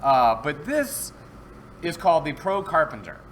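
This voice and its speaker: A man's voice: on the high side, big pitch swings, measured pace, fairly bright tone, slight background noise. A man hosting a casual live-stream product review from home, chatty and rambling, with easy jokes. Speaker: host.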